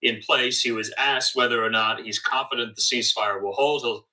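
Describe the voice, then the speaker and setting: A man anchoring a TV news discussion, measured and hesitant with fillers. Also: medium pitch, fairly even intonation, sharp tone, recorded from a distance, poor audio.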